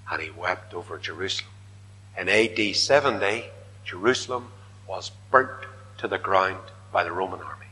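A man preaching a sermon, swinging dramatically from loud declaiming to hushed whispers. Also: deep voice, lively intonation, normal speed. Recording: reverberant hall.

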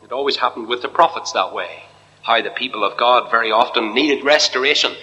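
Guy preaching a fiery sermon in church, sharp bright voice, big echoey hall, goes from hush to soaring. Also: mid-range voice, brisk. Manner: impassioned, swinging from hushed to soaring. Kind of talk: evangelical sermon. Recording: long reverb of a hall.

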